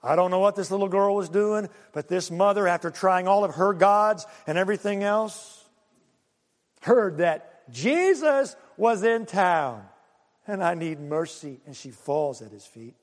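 Male pastor, sermon, high-pitched voice, animated delivery, long hall reverb. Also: a little slow. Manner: animated, swings from loud calls to low asides.

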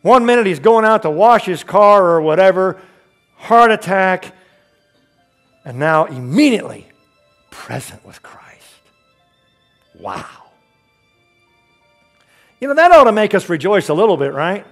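A man delivers a sermon from the pulpit in a fairly high voice. He swings between emphatic, rising questions and quiet, near-hushed asides, with the odd joke. Soft music plays faintly behind him. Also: big pitch swings, normal speed. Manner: emphatic preaching with sudden drops to quiet, joking asides. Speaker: pastor.

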